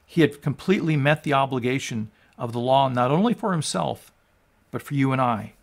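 A man in his sixties, a pastor preaching, moving from quiet teaching to loud, fervent proclamation. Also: medium pitch, fairly quick, vocal fry. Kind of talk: sermon.

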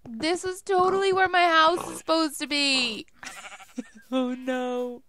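A woman's voice: sits high, fairly even intonation, takes it slowly, bright, forceful tone, slight background noise. A young woman giving casual let's play commentary, chatty and laughing often as she talks to herself while playing.

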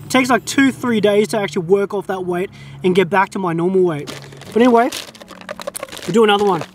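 A man's voice: high voice, a little hiss or hum. A young Australian man chatting casually to camera outdoors while trying food, easygoing and talkative. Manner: chatty, easygoing, drawn-out mm sounds while tasting. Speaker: food vlogger. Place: quiet open field outdoors.

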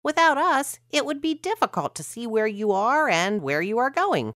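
A woman voicing boastful talking eyes, high-pitched. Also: very animated, normal speed, fairly bright tone, no room sound, studio quality.

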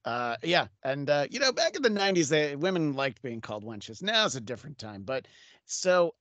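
A man's voice: a little high, big pitch swings, moderate pace, a bit bright, dry recording, highs cut off. A man hosting a casual podcast interview, talking in a loose, rambling way with many fillers and chuckles. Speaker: podcast host.

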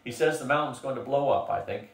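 A hearty, easygoing bearded adventurer, read aloud by an older man in a storybook. His voice sits at an ordinary male pitch, and the sound carries the roominess of a distant mic. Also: fast, gravelly, natural voice. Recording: roomy, from a distance.

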